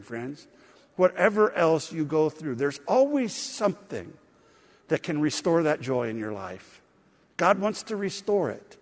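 A man's voice: fairly high pitch, big pitch swings, a little slow. A middle-aged man preaching a sermon, telling family stories in a folksy way and calling his listeners friends. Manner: folksy storytelling, addresses congregation as friends. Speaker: pastor. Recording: long hall reverb.

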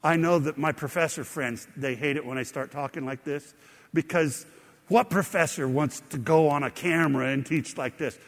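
A man's voice: on the high side, moderate pace, in a large hall. A middle-aged man preaching a sermon as a pastor, conversational with rising emphasis.

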